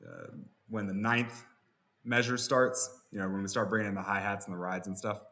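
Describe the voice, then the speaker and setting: A man teaching music production software, relaxed, with frequent fillers and restarts. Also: fairly low pitch, normal speed. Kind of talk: software tutorial.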